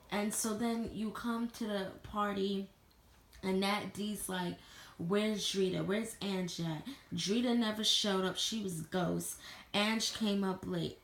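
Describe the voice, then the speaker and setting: Young woman, casual TV reviewer, blunt and profane; gravelly voice, roomy echo. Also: mid-range voice. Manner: blunt, profane, animated retelling with slang. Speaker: reality TV reviewer. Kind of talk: casual chat. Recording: echoey room with faint ambient noise.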